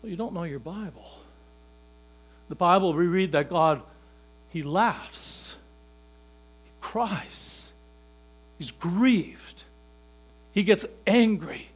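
A male pastor preaching a sermon, moving from quiet, low passages to loud, emphatic peaks. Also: takes it slowly, long pauses.

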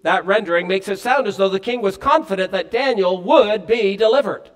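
A man's voice: high voice, brisk. A male pastor preaching a sermon earnestly, with emphatic rises and falls.

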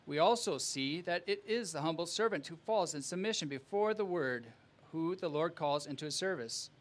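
A man preaching a sermon as pastor, with earnest, emphatic delivery and measured phrasing. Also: a little high, expressive.

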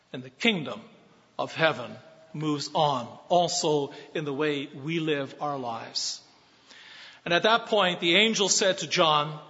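A man preaching a sermon as pastor, earnest and building to emphatic shouts. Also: fairly high pitch. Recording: dull sound with long hall reverb.

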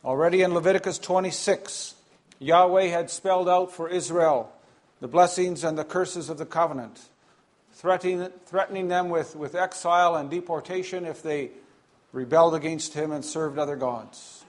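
Man preaching an earnest sermon. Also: on the high side. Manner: earnest, emphatic preaching with pauses and some word repeats.

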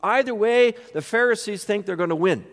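A man's voice: high voice, brisk, in a large hall. A man pastor delivering a sermon, emphatic and full of rhetorical questions.

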